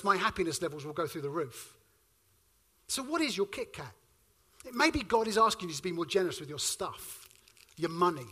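A man in his forties preaches with a high voice that has a bright, ringing edge. He tells his stories with energy and moves between booming lines and quiet, hushed ones. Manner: lively storyteller, shifting between loud and hushed. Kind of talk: sermon.

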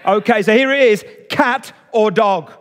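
High-voiced man preaching in a reverberant church. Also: unhurried. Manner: conversational, audience-engaging preaching. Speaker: pastor. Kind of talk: sermon. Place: church hall, streamed online.

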